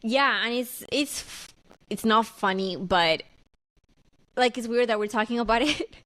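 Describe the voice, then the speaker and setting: A woman's voice: on the high side, expressive, unhurried, a bit bright. Candid rambling young woman podcaster. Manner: candid, rambling and self-questioning. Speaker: podcast co-host. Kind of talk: casual chat.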